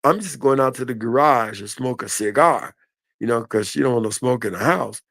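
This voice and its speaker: An older man telling a story in a casual, animated and folksy way on a live stream. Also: mid-range voice, brisk, vocal fry, no room sound.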